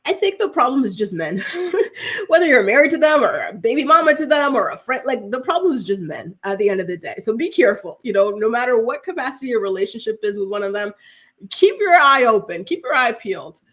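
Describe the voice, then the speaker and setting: A woman's voice: a little high, very animated, a little fast, fairly bright tone. A woman hosting a live celebrity gossip show, chatting casually with many "like"s and reading out viewer comments. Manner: chatty, heavy use of "like", reads out viewer comments. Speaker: host of a celebrity news show.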